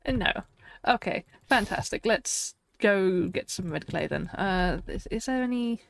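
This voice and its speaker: A woman's voice: medium pitch, expressive, a little slow, creaky. A woman streaming a survival game, chatting to viewers and talking herself through tasks, laughing often. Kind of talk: casual live-stream chat.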